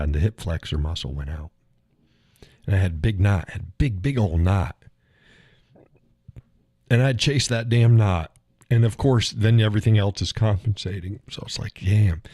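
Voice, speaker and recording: A man's voice: sits low, moderate pace, darkish tone, no room sound, studio quality. A man hosting a live stream, rambling through a chat while recovering from a leg injury, swearing and chuckling as he tells stories. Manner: rambling, profane storytelling with chuckles. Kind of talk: casual chat reading viewer comments.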